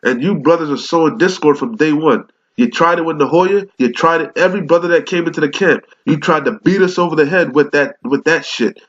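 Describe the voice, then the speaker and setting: A man with a fairly high voice, sick with a cold, delivers a furious, cursing rebuke sermon. He quotes scripture aloud in old English between insults. The recording sounds dull and lo-fi. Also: brisk, few pauses, fairly bright tone. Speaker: street preacher.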